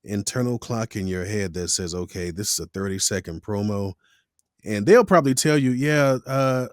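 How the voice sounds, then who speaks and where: A man's voice: lowish voice, normal speed, no room sound. A man hosting a casual interview, talking shop about voice-over sessions and acting out quoted dialogue as he tells stories. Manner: animated, acts out quoted studio dialogue in different voices.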